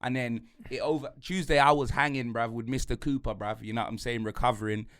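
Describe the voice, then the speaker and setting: A young man with a London accent, hosting a sports podcast and ranting in rapid, slang-heavy banter. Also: mid-range voice, steady tone, fairly bright tone. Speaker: podcast host.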